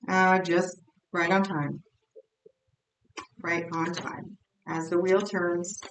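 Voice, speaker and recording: A lower-voiced woman reads tarot cards in a blunt, chatty manner and circles back to the same points again and again. The sound bounces around a roomy space, she sits some way from the mic, and faint noise hums underneath. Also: level tone, slow pace, long pauses, recorded from a distance. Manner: blunt, chatty, repeats herself. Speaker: tarot reader. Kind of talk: tarot card reading.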